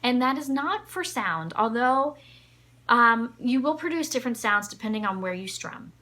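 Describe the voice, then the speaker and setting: A woman's voice: a little high, expressive, moderate pace, bright, forceful tone. A woman teaching a ukulele lesson, patiently counting the beats aloud. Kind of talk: music lesson. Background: ukulele playing.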